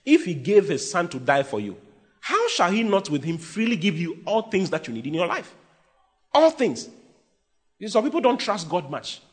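A man's voice: sits high, huge pitch swings, normal speed. A man with a Ghanaian English accent, preaching a sermon with emphatic bursts and playful mimicry of his listeners. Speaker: pastor.

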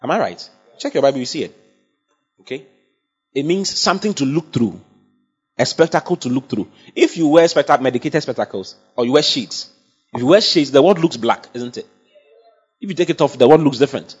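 A man's voice: mid-range voice, animated, a little fast, long pauses, a little mellow, husky. A man preaching a sermon, emphatic and often checking that his congregation follows. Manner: emphatic, asks the congregation for assent. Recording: dull lo-fi sound.

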